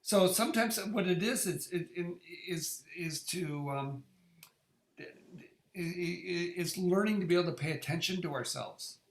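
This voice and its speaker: A man's voice: high-pitched, unhurried. A middle-aged man talking casually about his own experience, often repeating words and restarting sentences. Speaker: presenter sharing his experience. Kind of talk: casual conversational talk. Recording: echoey room.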